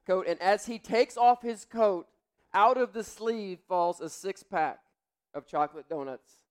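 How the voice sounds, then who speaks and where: A man's voice: sits high, a bit bright, clear, resonant tone. A man in his forties, a pastor, telling a family story in a sermon and acting out the voices in it.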